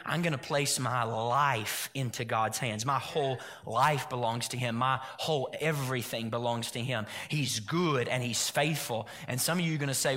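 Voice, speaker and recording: Male pastor preaching in church; repetitive call-and-response delivery, bright, pushing tone. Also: mid-range voice, moderate pace, few pauses. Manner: call-and-response preaching, repeats phrases for the congregation. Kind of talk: sermon.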